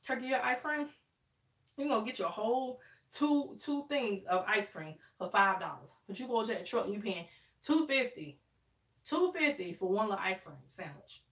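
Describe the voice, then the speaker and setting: A woman in her thirties hosts a livestream, chatting casually with viewers while doing her hair and calling them "y'all" with dialect grammar. Her mid-range voice is animated and a bit bright at normal speed. The mic is distant in an echoey room.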